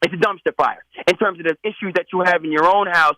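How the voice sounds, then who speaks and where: Bright high-voiced New England caller. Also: male voice, fast talker, no echo, rough recording. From Massachusetts. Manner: animated, rambling, peppered with asides. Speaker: radio call-in caller. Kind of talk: phone-in sports chat.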